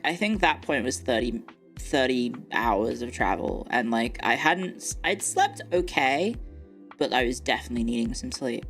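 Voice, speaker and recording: Young woman, streamer, deep for a woman, halting and wry, casual stream chat. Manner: hesitant, many fillers, wry and low-key.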